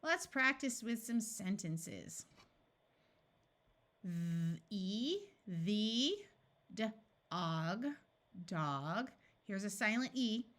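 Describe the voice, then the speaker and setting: A woman teaching a phonics lesson, sounding out each word slowly and then blending it together. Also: medium pitch, a bit bright. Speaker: reading tutor.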